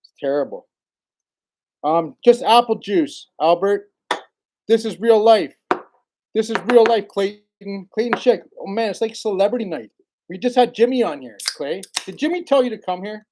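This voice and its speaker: A man's voice: high voice, animated, normal speed, darkish tone, a little hiss or hum. A man hosting a casual livestream, rambling in a laid-back way, greeting viewers by name and laughing often. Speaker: livestream host.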